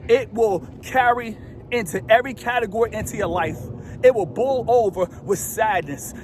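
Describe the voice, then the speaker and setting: A man's voice: very high-pitched, slight background noise. A man giving a casual motivational monologue to his viewers, preachy and repetitive, full of rhetorical questions, filmed outdoors in a remote desert spot. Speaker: motivational vlogger.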